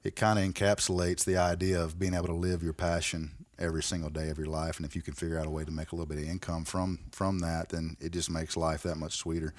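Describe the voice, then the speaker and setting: A man's voice: deep voice, flat delivery, quick pace, few pauses, no room sound. A man hosting a podcast in a makeshift studio, talking in a folksy, rambling way. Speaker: podcast host. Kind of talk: casual chat.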